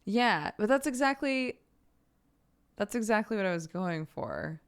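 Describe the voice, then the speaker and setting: A man's voice: high-pitched, animated, measured pace, vocal fry, a bit bright, smooth. A young man streaming, chatting casually with viewers, reading out their messages and laughing often.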